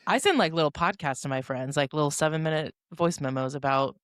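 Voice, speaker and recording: A woman's voice: sits low, fast, clean tone, no room sound, studio quality. A woman co-hosting a podcast, chatting casually with playful quips. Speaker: podcast co-host. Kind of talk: casual chat.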